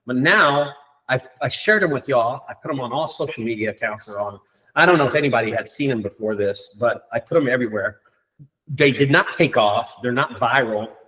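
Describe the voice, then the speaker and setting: A man hosting a group meeting, talking in an excited, rambling way with many fillers. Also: medium pitch, fairly quick. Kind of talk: casual group meeting talk.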